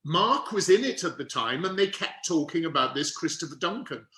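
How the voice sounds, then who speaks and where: A middle-aged man from Wales telling a lively, theatrical story as an interview guest, with quick asides. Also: a little high. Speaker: guest actor. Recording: roomy echo.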